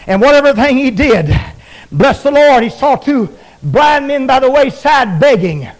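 A man preaching a shouted revival sermon, chanting and repeating phrases as he builds to shouts. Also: extremely high pitch, sing-song, measured pace, poor audio. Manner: chanting, repetitive, rises to shouts.

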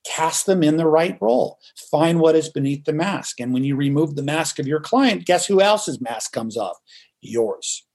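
Male coach, theatrical and emphatic, somewhat high-pitched, podcast guest. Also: animated, normal speed, vocal fry, hardly any pauses, darkish tone. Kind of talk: podcast interview.

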